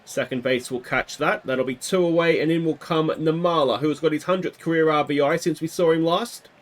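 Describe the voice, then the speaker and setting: A man's voice: on the high side, a little fast. Man calling a baseball video game. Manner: casual running commentary, bursts of excitement on big hits. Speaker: gaming video host. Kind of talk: play-by-play game commentary.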